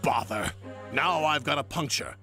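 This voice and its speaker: A man's voice: medium pitch, measured pace, vocal fry, music in the background, voice pushed up. A man voicing a proper, fussy railway director who gets easily exasperated.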